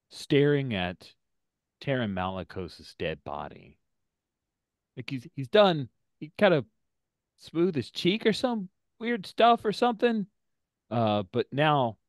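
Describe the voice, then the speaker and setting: A man narrating a tabletop role-playing game as game master, low-key and deliberate, with sudden excited jumps. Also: no echo, studio quality.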